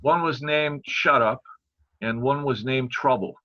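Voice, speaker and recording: An older man, a pastor, chatting casually on a podcast, telling stories and halting jokes and sometimes losing his place. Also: mid-range voice, bright, forceful tone, muffled recording. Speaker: pastor and guest father.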